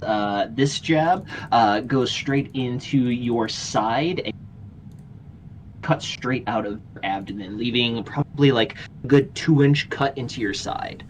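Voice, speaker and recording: A man narrating a tabletop game as game master, unhurried and filling pauses with "uh". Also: medium pitch, rough recording. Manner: unhurried, with many filler pauses. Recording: faint background noise.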